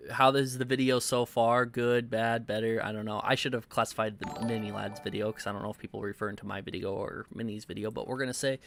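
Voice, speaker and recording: Halting, stammering commentary guy. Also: mid-range voice, creaky, a bit bright. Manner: halting, filler-heavy, stuttering restarts. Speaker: commentary YouTuber. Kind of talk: reaction commentary.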